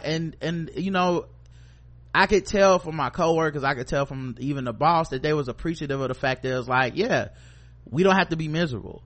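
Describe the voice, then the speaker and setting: A man's voice: on the high side, fairly quick, fairly bright tone. A man casually telling a long workplace anecdote on a talk show, cursing freely and acting out what people said. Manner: loose anecdotal telling, acts out quoted voices, curses freely. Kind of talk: casual storytelling chat.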